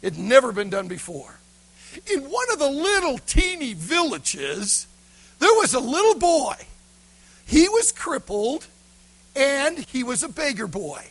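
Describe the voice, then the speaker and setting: Male preacher, dramatic storyteller, high voice, gravelly and husky. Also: big pitch swings, a little slow, low-quality recording. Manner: dramatic, swinging from shouts to near whispers. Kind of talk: sermon storytelling.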